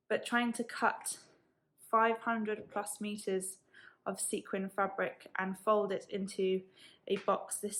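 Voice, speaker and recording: A woman talks through a sewing subscription box in a casual, chatty vlog. She speaks quickly and slips in quick apologies. Her pitch sits mid-range. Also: fairly bright tone. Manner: chatty, fast-talking, apologetic asides.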